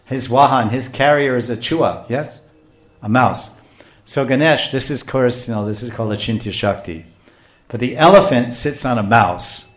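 A man giving a devotional talk, telling stories in a lively way, dropping to a hush and rising to loud bursts, laughing often. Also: medium pitch, normal speed. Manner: animated, swings from hushed to loud, laughs often. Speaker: spiritual speaker. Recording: echoey room.

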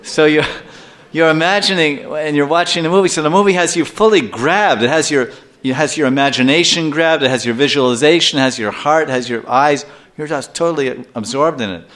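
An older man giving a scripture class lecture as a spiritual teacher, telling stories in a lively way and acting out little scenes. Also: fairly high pitch, brisk. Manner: animated storyteller who acts out scenes and chuckles often.

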